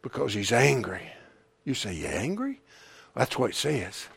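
A man preaching a sermon as pastor, rising to shouted peaks and falling to hushed, near-whispered lines, with emphatic repetition. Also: mid-range voice, normal speed, gravelly, husky, no echo.

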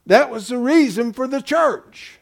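A man's voice: very high voice, animated, measured pace, gravelly. A man preaching a Bible-study sermon, emphatic and folksy, often asking his congregation rhetorical questions. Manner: folksy, calls listeners "folks".

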